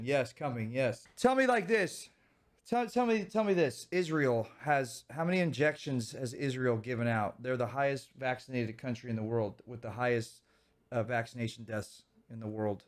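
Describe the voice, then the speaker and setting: A man in his thirties ranting heatedly and profanely on a livestream, stopping to thank viewers. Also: medium pitch. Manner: thanks viewers for donations mid-rant. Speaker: streamer reacting to videos. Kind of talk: casual livestream rant.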